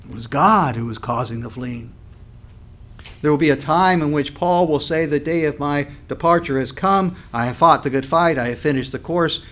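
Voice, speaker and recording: A man preaching a sermon, swelling his voice on key points, then dropping it low, and clearing his throat now and then. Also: moderate pace, fairly bright tone. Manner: dynamic preaching, voice swells and drops with emphasis. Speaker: pastor.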